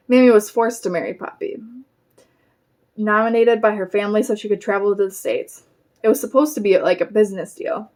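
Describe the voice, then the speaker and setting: A woman reading a novel aloud in a plain, unhurried way, with occasional stumbles. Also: mid-range voice, a little mellow. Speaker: reader.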